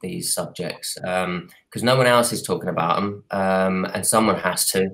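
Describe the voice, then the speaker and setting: A man with a Cockney accent, speaking earnestly in a halting way over a video call from his home computer, with many restarts and fillers. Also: low voice, fairly even intonation, fairly bright tone. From United Kingdom. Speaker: artist and advocate. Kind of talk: live video call interview. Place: apartment at home.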